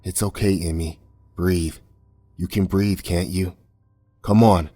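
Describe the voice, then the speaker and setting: A man voicing a calm young man who soothes the others in a soft, reassuring way. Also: low-pitched, slow, faint music behind. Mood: soothing.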